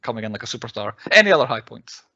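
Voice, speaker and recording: A man hosting a casual film podcast, chatty and quick to laugh, leading the discussion. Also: mid-range voice, big pitch swings, bright, forceful tone, no room sound. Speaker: podcast host. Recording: dull lo-fi podcast audio.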